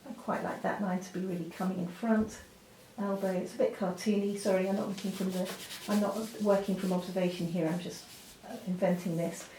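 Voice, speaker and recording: A woman art teacher with a dark, mid-range voice demonstrates drawing at the easel, speaking a little fast with few pauses and little pitch movement. Chatty and full of fillers, she drops in apologetic asides, recorded from a distance in an echoey room with faint noise.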